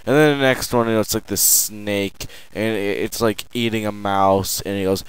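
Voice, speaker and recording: A young man doing a rambling sit-down comedy monologue, meandering with lots of fillers and sudden loud outbursts. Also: fairly low pitch, steady tone, moderate pace, smooth, poor audio. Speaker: amateur comedian.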